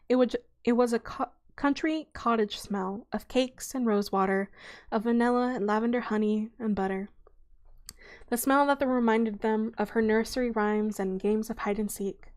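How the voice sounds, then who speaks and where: A woman reading a children's novel aloud in a relaxed, unhurried way, with small slips as she goes. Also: a little high.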